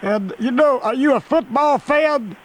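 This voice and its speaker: A man doing a squeaky, fretful rambling caller. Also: a little slow. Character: nervous rambling caller, sports-mad churchgoer.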